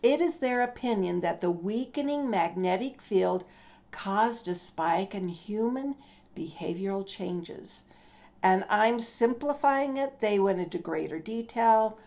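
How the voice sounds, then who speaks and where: Older female host, slow mellow delivery, casual explainer, trips over names now and then. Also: mid-range voice, gravelly. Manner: unhurried, stumbles over names. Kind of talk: casual science talk.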